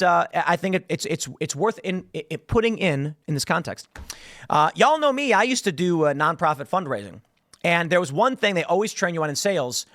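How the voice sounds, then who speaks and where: Male host, high voice, lively swings, sarcastic commentary, dry sound. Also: no room sound. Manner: animated, sarcastic, riffing asides. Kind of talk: political commentary show.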